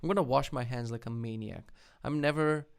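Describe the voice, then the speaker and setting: A man's voice: medium pitch, fairly quick, gravelly, clean tone. Blunt, sweary man live-streaming. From lives in Poland. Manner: blunt, swears freely, mocking asides. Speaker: live streamer reviewing web projects. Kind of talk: casual live-stream commentary.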